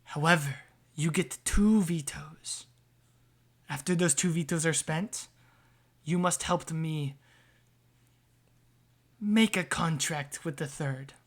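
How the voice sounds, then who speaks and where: A man voicing an ominous spirit that speaks slowly and half-whispers inside a character's head in a tabletop game. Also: on the high side. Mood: bargaining. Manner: slow, hushed, half-whispered bargaining.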